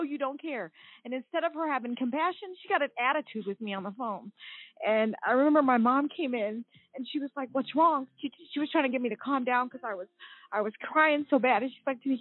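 A woman in her forties, a guest telling her own story over the phone, earnest and halting, often restarting her sentences. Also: medium pitch, dry recording. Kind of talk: recounting a personal story on a call-in show. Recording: thin phone-line audio, dry.

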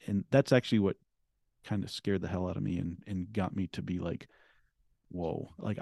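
A man in his forties, a podcast guest, telling a personal story earnestly, halting and restarting often. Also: lowish voice, vocal fry, warm tone, no room sound, clean studio sound. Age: 40s.

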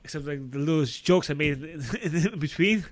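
A man's voice: on the high side, fairly quick, slight background noise. A man, a podcast guest chatting casually, swearing a lot and laughing through his stories. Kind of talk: casual chat.

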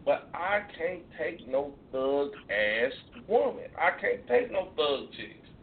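A man co-hosting a radio show, talking in casual comedic banter. He is animated and profane and often stammers and restarts. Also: on the high side, slow. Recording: lo-fi phone-like sound with faint noise.

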